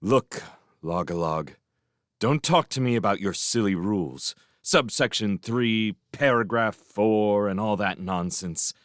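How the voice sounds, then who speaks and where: A man's voice: lowish voice, measured pace, no echo, clean studio sound, lightly acted. A man voicing a bold young male mouse warrior who talks bluntly and impatiently in a storybook reading.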